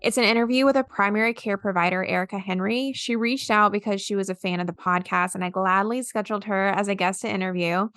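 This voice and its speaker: A woman's voice: medium pitch, quick pace, few pauses, a bit bright, no echo. Chatty Southern woman podcast host. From South Carolina. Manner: chatty, upbeat, lots of "like". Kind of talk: podcast interview.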